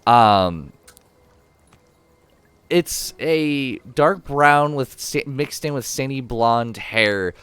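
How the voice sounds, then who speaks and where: A man narrating a tabletop role-playing game as game master, describing scenes in a casual, halting way with many fillers. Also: mid-range voice, expressive, a bit bright, clean tone, no echo, soft background music.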